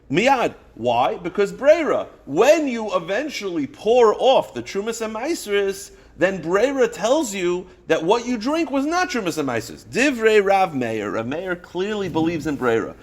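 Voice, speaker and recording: An animated man teaches a Talmud lesson, his voice swinging widely up and down as he acts out each case. It sits a little high for a man. He keeps posing questions and answering them himself, dropping in a sound. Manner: animated, acts out cases in first person, asks and answers his own questions. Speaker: rabbi teaching a Talmud class. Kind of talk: Talmud lecture.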